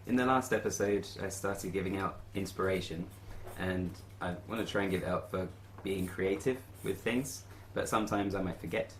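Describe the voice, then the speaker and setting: A man narrating as game master in a tabletop game, relaxed and a little hesitant. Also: low voice, moderate pace, few pauses, reverberant, slight background noise.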